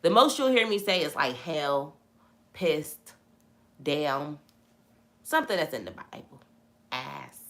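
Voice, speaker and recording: Bright-voiced woman preaching casually. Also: low-pitched. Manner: animated, preachy, repeats phrases for emphasis. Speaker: host of a live Bible chat. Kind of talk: casual live-stream Bible talk, reading viewer comments.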